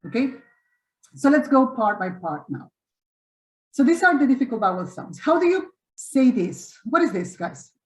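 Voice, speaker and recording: A woman's voice: a little high, very animated, normal speed, reverberant, low-quality recording. Encouraging woman teaching English online. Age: middle-aged. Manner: encouraging, repeats and corrects students. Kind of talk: online webinar class. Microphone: video call.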